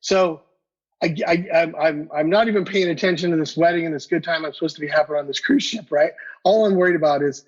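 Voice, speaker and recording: A man's voice: on the high side, fast talker. Man telling a story with stammering repeats. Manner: animated, repeats words, acts out dialogue. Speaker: guest collector. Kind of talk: casual storytelling. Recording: dull lo-fi podcast audio.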